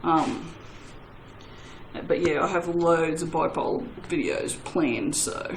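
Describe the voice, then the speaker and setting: A woman's voice: low-pitched, slow, a little hiss or hum, low-quality recording. A woman who hosts a soap-making channel and chats casually and self-mockingly to her viewers while she crafts, laughing often.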